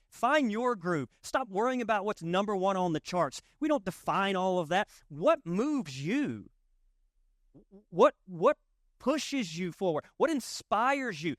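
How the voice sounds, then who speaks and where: A man's voice: high-pitched, very animated, measured pace, a bit bright, no room sound, studio quality. A man with a Southern accent giving a conversational sermon as pastor, joking and repeating lines for emphasis. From Southern United States. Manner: folksy, joking, emphatic repetition.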